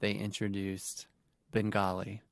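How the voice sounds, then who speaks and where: A wry man in his forties trades jokes on a podcast, laughing easily. His voice is gravelly and sits a little low. The sound is dry and close. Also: completely flat delivery, measured pace, no room sound. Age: 40s. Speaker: podcast co-host. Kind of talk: casual podcast chat.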